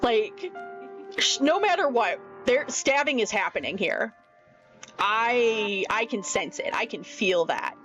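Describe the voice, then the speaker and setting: Woman streamer, anxious rambling game commentary, slightly high voice, muffled lo-fi mic. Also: lively intonation, takes it slowly, a bit bright. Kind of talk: casual gaming commentary. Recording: dull lo-fi mic with faint music. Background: faint music.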